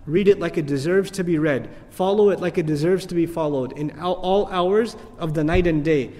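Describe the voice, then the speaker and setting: A man giving an animated religious lecture as an Islamic teacher, telling stories and asking rhetorical questions. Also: on the high side, fast, hardly any pauses. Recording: long hall reverb.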